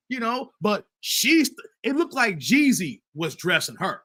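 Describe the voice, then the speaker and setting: A middle-aged man runs a casual commentary live stream in a bright, forward voice. He keeps talking straight to his audience as "guys" and "fellas". His sentences often stumble and start over. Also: high-pitched, unhurried. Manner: animated, addresses viewers as guys and fellas; repeats himself and restarts often. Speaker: commentary channel host.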